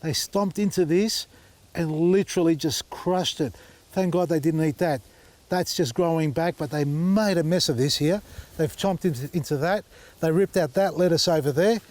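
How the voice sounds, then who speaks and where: A man's voice: a little high, moderate pace, a little mellow. Exasperated chatty man gardening. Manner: exasperated, chatty, addresses viewers as folks. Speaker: gardening channel host. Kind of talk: casual garden walk-through vlog. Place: outdoors in a vegetable garden.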